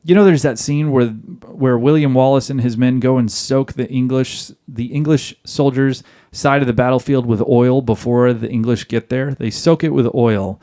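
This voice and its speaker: A man's voice: mid-range voice, fairly even intonation, moderate pace, mellow. A man hosting an advice podcast, talking emphatically and jokingly, often acting out both sides of a dialogue. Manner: emphatic, jokey, acts out dialogue. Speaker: podcast host giving marriage advice.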